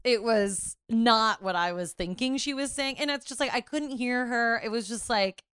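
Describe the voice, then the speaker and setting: Brief: young woman co-host, lively and profane storyteller, smooth higher voice, dry close sound. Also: moderate pace, dry recording. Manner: animated, swears freely. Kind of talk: casual storytelling chat.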